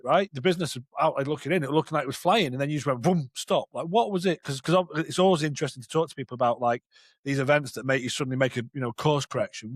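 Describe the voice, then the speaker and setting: A man's voice: mid-range voice, no echo, studio quality. A man with a Northern English accent hosting a podcast interview, talking candidly and rambling a little, with the odd swear word. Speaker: podcast host. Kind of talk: casual interview chat.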